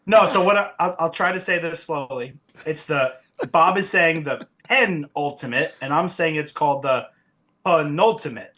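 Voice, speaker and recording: A man's voice: on the high side, moderate pace, hardly any pauses, sharp tone. A man playing in a tabletop game, casually and pedantically arguing a pronunciation while hedging his claims. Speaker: player. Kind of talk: casual chat on a stream.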